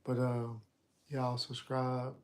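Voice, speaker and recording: A man hosting a casual video and talking to viewers in a halting way, with many "uh" and "um" pauses. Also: medium pitch, monotone, a little mellow. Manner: halting, lots of "uh" and "um". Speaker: host and dating reviewer.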